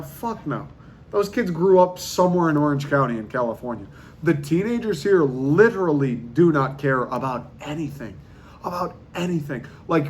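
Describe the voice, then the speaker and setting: A man's voice: a little high, a little hiss or hum. A man hosting a podcast, delivering a casual comedic monologue with incredulous ranting, slang and swearing. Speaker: podcast host.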